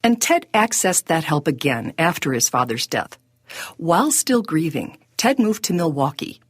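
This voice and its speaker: A woman, the podcast host, giving measured, reflective scripted narration. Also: deep voice, sing-song, husky, no echo.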